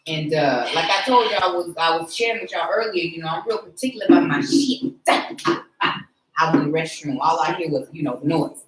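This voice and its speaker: A woman's voice: low-pitched, a little fast, echoey room, music in the background, low-quality recording. A woman in her forties hosting a podcast in frank, slangy casual chat, laughing often. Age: 40s. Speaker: podcast host.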